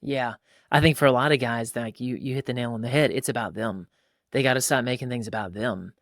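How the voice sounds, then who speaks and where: A man in his thirties co-hosting a casual faith-based parenting chat, animated and acting out fathers and kids in quick voices. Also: medium pitch, no echo, clean studio sound. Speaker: podcast co-host.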